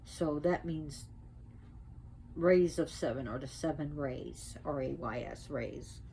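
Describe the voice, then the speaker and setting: A woman with a lower-pitched voice explains religious tradition in a loose, chatty way. She retells an old story with lively swings in her voice. A faint hiss sits under her speech. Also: slow pace, creaky, rough recording. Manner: conversational, animated retelling. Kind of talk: casual storytelling lesson.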